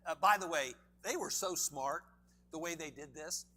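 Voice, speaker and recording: A man's voice: fairly high pitch, moderate pace, sharp tone, a little hiss or hum. A man preaching a sermon in a church, emphatic and full of questions to the congregation. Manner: emphatic, asks the audience many questions.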